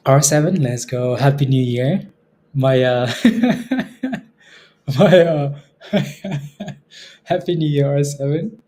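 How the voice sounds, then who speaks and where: A man from Canada hosts a trading livestream, chatting loosely with his viewers in a mellow, darker-toned voice. He talks in an easygoing way, often repeating words and laughing between comments. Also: medium pitch. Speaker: day trading livestream host. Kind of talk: casual livestream chat reading viewer comments.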